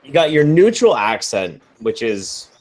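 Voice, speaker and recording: A man's voice: medium pitch, big pitch swings, measured pace, darkish tone. An American man in casual group talk who rambles, hesitates and swears offhandedly.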